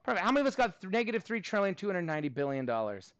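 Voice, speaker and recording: A man teaching a math class, upbeat, counting steps aloud and thinking out loud as he works problems with students. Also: sits high, sing-song, very fast, clean tone, dry recording, muffled recording. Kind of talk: live class review lesson.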